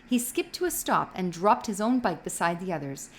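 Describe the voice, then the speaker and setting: A woman's voice: mid-range voice, moderate pace, slight background noise. Woman reading a novel aloud. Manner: expressive reading with occasional slips. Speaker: reader.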